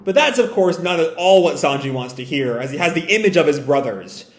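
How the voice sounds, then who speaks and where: Casual guy reading a comic chapter, lively, bit high, echoey room. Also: brisk. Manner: animated, casual, swearing. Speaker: comic reader and reviewer. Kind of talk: chapter read-through with commentary. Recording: roomy echo.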